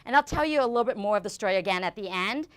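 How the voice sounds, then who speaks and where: A woman in her forties giving a live conference talk, talking fast with lots of fillers and restarts. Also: medium pitch, expressive, clear, resonant tone. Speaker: conference speaker. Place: conference venue before an audience.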